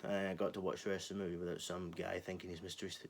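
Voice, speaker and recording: A man's voice: deep voice, level tone, rapid-fire, vocal fry, a little hiss or hum. A man in his twenties hosting his own channel, ranting to camera in a casual, sarcastic and sweary way. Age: 20s. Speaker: channel host.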